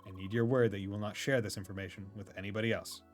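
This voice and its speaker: A man's voice: lowish voice, fairly even intonation, racing, faint music behind, natural voice. Man reading a stiff, formal secretive man.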